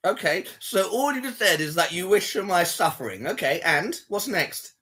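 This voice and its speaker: Male streamer, husky voice, needling tone, echoes his caller's words back to mock her. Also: high-pitched, big pitch swings, normal speed, pushed and bright. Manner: mocking, taunting, parrots the other's words. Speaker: livestreamer chatting with strangers. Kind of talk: casual live chat.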